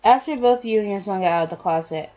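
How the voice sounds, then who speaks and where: A woman's voice: mid-range voice, expressive, fast, dark tone. A woman reads fan fiction aloud in a casual, unpolished way. She slips now and then and starts her sentences over. Her voice sits in a mid range, and the audio is dull and lo-fi. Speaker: storyteller.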